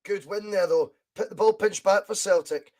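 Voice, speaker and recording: A Scottish man hosting a football podcast, giving live fan commentary on a match, chatty and reading out viewer comments, with excited bursts at chances. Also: sits high, normal speed.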